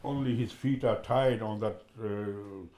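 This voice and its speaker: Low-voiced father talking haltingly. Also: warm tone. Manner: halting, repeats "you know". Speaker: father and carer. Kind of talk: interview.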